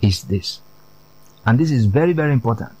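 A man preaching a sermon, often checking whether his listeners are following him, and dropping low on key words. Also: lively intonation, fairly quick, warm tone, breathy edge, poor audio. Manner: repeats "are you getting this?" to the congregation.

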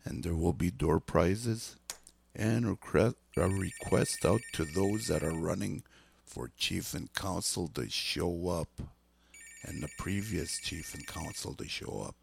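A man with a hoarse, gravelly voice, losing his voice, making casual community announcements on local radio with many halting fillers. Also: low-pitched. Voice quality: gravelly and husky.

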